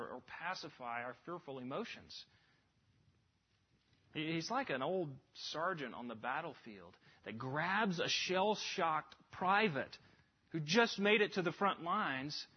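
Husky-voiced preacher man, emphatic. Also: on the high side. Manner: earnest, emphatic, with sudden rises and hushed drops. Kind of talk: sermon. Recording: dull lo-fi recording.

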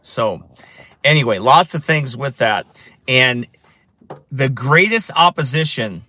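A man talks through his street-preaching encounters in a loose, conversational way, circling back over the same phrases to drive a point home. His voice is bright and forceful, sitting at an ordinary pitch for a man. The recording is dry, with no room sound around him. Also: expressive, takes it slowly, no room sound. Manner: repetitive, restarts phrases for emphasis. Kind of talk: casual storytelling monologue.

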